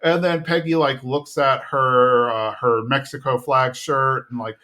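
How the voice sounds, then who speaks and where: A man at a middle pitch retells a cartoon episode in easygoing podcast chat. He recites the characters' lines himself, his voice jumping up for the quotes. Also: fairly even intonation, a little slow, sharp tone. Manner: retells scenes, acting out quotes in a raised voice. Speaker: podcast co-host recapping episodes. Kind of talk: casual recap chat.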